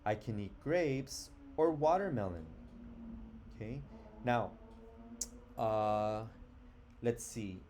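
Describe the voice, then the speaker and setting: A man's voice: fairly low pitch, dark tone, slight background noise. A middle-aged man teaching an online grammar lesson, patiently sounding out words and thinking aloud.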